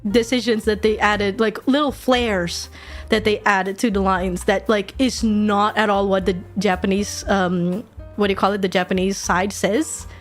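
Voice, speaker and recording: A woman streamer chatting casually while she draws, animated, swearing freely and laughing often. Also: medium pitch, unhurried, soft background music. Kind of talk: casual chat while drawing.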